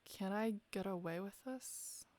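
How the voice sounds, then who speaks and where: A woman's voice: medium pitch, a little slow, darkish tone, dry recording. A woman chess streamer thinking aloud as she analyzes her games, asking herself questions and poking fun at her own mistakes. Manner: muses aloud, asks herself questions, self-deprecating.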